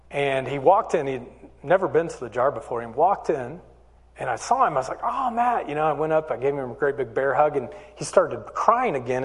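A man preaching a sermon, telling a personal story and then urging his listeners earnestly. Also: medium pitch. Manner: storytelling, earnest, rising to urgent appeals. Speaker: pastor. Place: church hall. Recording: long hall reverb.

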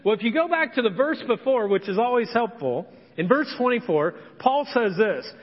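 A man's voice: extremely high pitch, animated, moderate pace. A pastor from Indiana preaching a conversational sermon, acting out the voices of people he quotes. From Indiana, USA. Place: church sanctuary. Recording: echoey hall, dull lo-fi sound.

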